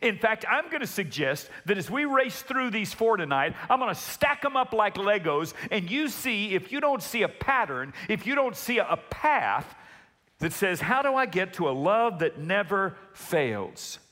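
A man preaching a sermon as pastor, calling on the congregation to answer back and slowing down to stress key words. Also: high voice, sing-song, pushed and bright, in a large hall. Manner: calls for congregation responses, emphatic with slow stressed words.

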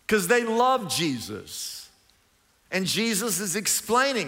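A middle-aged male pastor preaching a sermon in an animated, colloquial way, swinging from loud bursts to hushed asides. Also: high voice, unhurried. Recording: long hall reverb.

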